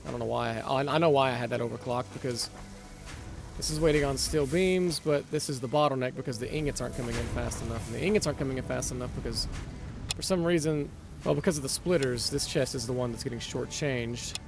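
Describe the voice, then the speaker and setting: A man's voice: medium pitch, fast talker, gravelly, music in the background. A man casually commentating his own gameplay, rambling, correcting himself and muttering as he plays. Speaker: gaming channel host. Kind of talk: casual let's-play commentary.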